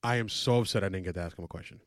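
A man co-hosting a casual podcast, loud and animated, rambling through stories with plenty of "like"s. He talks fast, and the studio sound is dry and close. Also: low voice, dry recording. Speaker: podcast co-host. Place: podcast studio in New York.

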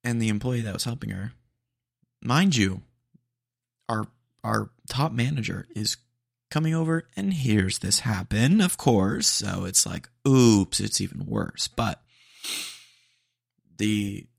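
A man's voice: on the low side, animated, slow pace, gravelly, pauses often, husky, no echo, studio quality. A man hosting a podcast, chatting casually and rambling with lots of fillers and laid-back slang. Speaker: podcast host.

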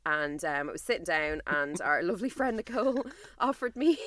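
A woman's voice: fairly low pitch, very animated, normal speed, a bit bright, no room sound. A woman co-hosting a podcast in casual chat, talking freely and laughing often, feeling emotional. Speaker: podcast co-host.

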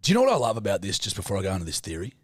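A young man co-hosting a casual podcast, rowdy and quick to laugh, swearing as he goes. His voice is mid-pitched but swoops all over the place, recorded close and dry. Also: wildly swooping pitch, no echo. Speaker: podcast co-host. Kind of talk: casual chat.

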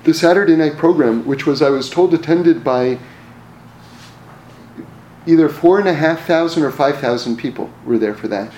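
A man's voice: fairly high pitch, moderate pace, darkish tone, slight background noise. A man telling personal stories in a casual, rambling way, often restarting his words and chuckling. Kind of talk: casual storytelling talk. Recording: roomy echo, faint ambience.

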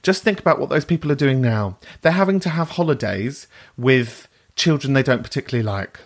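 A man's voice: medium pitch, lively intonation, brisk. A man hosting a podcast in casual chat, cheeky and sweary, laughing often. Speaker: podcast host.

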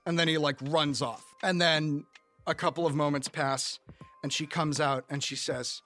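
A man runs a tabletop game, narrating scenes in a loose, rambling way with many fillers. His voice sits a little high for a man. Faint music plays in the background. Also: fairly even intonation, moderate pace, bright, forceful tone. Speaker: game master.

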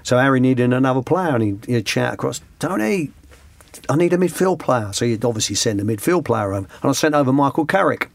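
A man's voice: medium pitch, fast talker, creaky, few pauses. Chatty man telling anecdotes. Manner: rambling, restarts, slips into quoted voices. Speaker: former youth coach, interview guest. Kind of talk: conversational anecdotes.

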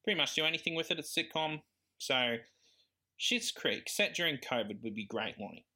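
A male podcast co-host chatting casually. His voice is bright and bouncy, and he laughs easily. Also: fairly high pitch, brisk. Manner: laughs often, animated. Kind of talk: casual chat.

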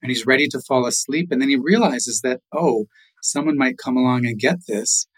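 A middle-aged man from Canada, a guest telling a traditional legend in an unhurried way, with chuckles and "you know" asides. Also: mid-range voice, slightly rough, low-quality recording. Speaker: guest storyteller. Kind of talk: oral storytelling.

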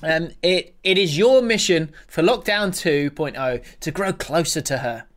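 A man's voice: a little high, animated, unhurried. A man co-hosting a podcast in casual chat, reading listener messages aloud and laughing often. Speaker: podcast co-host.

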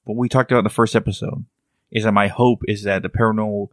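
A man's voice: fairly low pitch, steady tone, quick pace, no room sound. A man co-hosting a podcast, talking casually and rambling through restarts as he explains ideas. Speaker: podcast co-host. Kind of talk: casual chat.

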